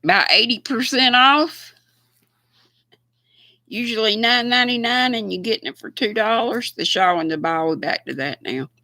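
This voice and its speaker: A woman's voice: fairly high pitch, moderate pace, sharp tone, dry recording. An older woman with a Southern US accent, chatting casually and folksily with viewers on her livestream, often laughing. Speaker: livestream host.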